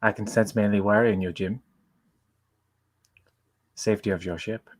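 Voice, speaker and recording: A man's voice: lowish voice, steady tone, moderate pace, natural voice. A man reading a smug, godlike male starship officer's lines in a put-on voice for a comic reading.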